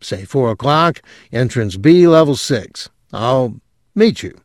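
Man voicing a nervous police technician, gruff, strangled, halting, dry audiobook recording. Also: medium pitch, animated, dry recording. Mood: nervous, hesitant. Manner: hesitant, halting.

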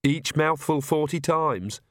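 A man's voice: fairly high pitch, takes it slowly, dry recording, studio quality, voice pushed up. A man voicing a nervous young male priest who stammers and apologizes. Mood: flustered.

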